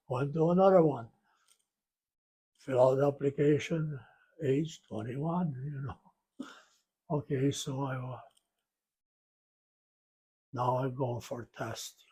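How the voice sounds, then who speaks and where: A man in his nineties telling his life story in an interview, halting and rambling with restarts and soft chuckles. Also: medium pitch, slightly rough.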